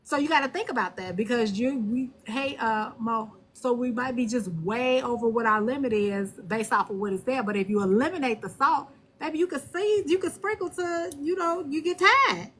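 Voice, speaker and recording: Blunt, animated high-voiced woman. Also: normal speed, few pauses. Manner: blunt, animated, cursing freely. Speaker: live stream host. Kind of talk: casual live stream chat. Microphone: phone.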